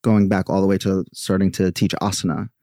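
A man's voice: deep voice, level tone, brisk, warm tone, no echo, clean studio sound. A man guest on a podcast, a yoga teacher telling candid personal stories and acting out the voices of people he quotes. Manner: chatty, acts out quoted voices.

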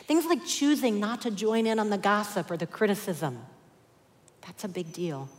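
A woman gives a sermon with an earnest, gentle manner. Her voice sits at a middle pitch. It carries a long reverb from a large hall. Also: moderate pace. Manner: earnest, warm preaching with soft asides and light laughs. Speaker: speaker giving a church message.

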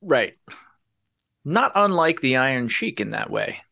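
A man's voice: medium pitch, big pitch swings, a little slow, gravelly, sharp tone, dry recording. A man co-hosting a podcast in casual banter, with dry, wry humor. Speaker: podcast co-host.

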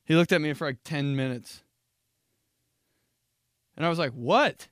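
A young podcast host with a fairly high, smooth voice speaks at a moderate pace, delivering a casual comedic monologue full of swearing, animated storytelling and frequent laughter. The sound is clean studio quality with no echo.

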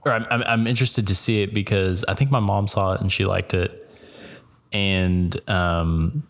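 A man's voice: low-pitched, fairly even intonation, normal speed, fairly bright tone. A man, chatting casually as a podcast co-host, rambling with many fillers and restarts. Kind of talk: casual chat.

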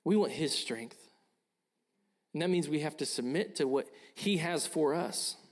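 A man's voice: a little high, lively intonation, a little slow. A young man preaching a sermon, earnest and urging, often repeating his phrases. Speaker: pastor.

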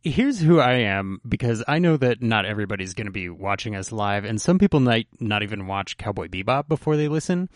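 A man's voice: fairly low pitch, very animated, brisk, few pauses, no echo, studio quality. A man hosting a casual anime podcast, teasing his co-hosts and joking around with plenty of fillers. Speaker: podcast host.

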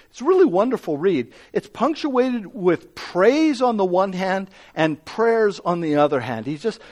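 A man's voice: sits high, darkish tone. A man preaching a sermon as pastor, earnest and emphatic, building up repeated phrases.

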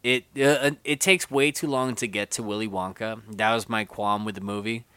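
A man's voice: fairly low pitch, fairly even intonation, moderate pace, a bit bright, clear, resonant tone, no room sound. A man hosting a casual movie podcast, talking animatedly and slipping into mocking character voices. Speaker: podcast host.

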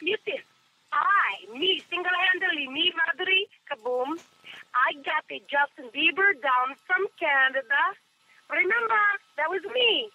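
A woman's voice: very high-pitched, expressive, a little slow, pushed and bright, slight background noise, heavily acted. A comedian voicing a brash, boastful female showbiz agent who talks in streetwise, clipped patter over a telephone line. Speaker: comedian doing a character.

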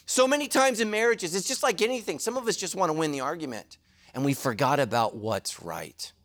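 Animated joking pastor, lively pitch. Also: male voice. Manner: animated, jokey preaching with quick asides. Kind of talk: sermon.

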